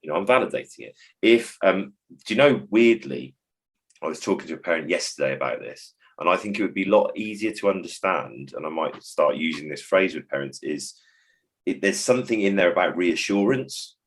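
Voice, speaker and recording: A man's voice: low-pitched, expressive, fairly quick. A man who works as a behaviour support trainer, talking in a reflective, digressive way on a podcast and acting out phrases as he goes. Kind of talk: podcast conversation.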